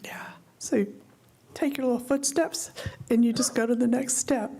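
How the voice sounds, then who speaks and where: A woman's voice: on the high side, fairly even intonation, moderate pace, warm tone. A woman sharing a remembrance at a memorial service, thinking aloud and searching for words. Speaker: memorial speaker. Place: ashram gathering hall.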